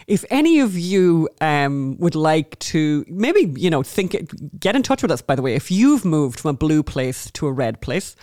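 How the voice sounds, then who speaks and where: A woman hosts a podcast in an easy, conversational way. She tells stories with animated energy, often restarting her sentences. The sound is dry and close, with no room around it. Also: low-pitched, measured pace, few pauses, no echo. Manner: chatty, restarts a lot, animated storytelling. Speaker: podcast host. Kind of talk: casual interview chat.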